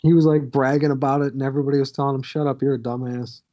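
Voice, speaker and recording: A man's voice: medium pitch, level tone, rapid-fire, dark tone, dull audio. A man co-hosting a podcast, telling a crude, swear-filled story from his youth in a casual way. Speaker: podcast co-host.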